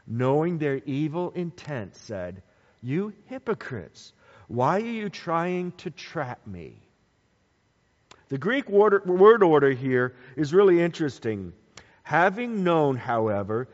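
Animated high-voiced male preacher. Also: long reverb tail, lo-fi sound. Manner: animated preaching with emphatic repetition. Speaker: pastor. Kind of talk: sermon.

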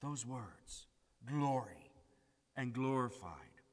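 Slow dramatic preacher guy, bright voice, big reverb like a hall. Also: fairly high pitch, sing-song. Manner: dramatic, swings from loud pleading to hushed emphasis. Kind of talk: sermon.

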